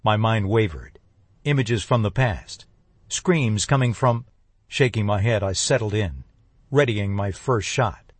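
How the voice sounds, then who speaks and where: Husky male audiobook narrator. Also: on the low side, measured pace, no room sound. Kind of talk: first-person thriller narration.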